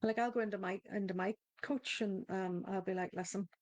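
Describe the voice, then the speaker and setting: A woman's voice: mid-range voice, steady tone, a little fast, darkish tone, no echo. A woman hosting a live online coaching circle, talking conversationally, restarting her sentences and addressing viewers in the chat. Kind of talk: live-stream group coaching talk.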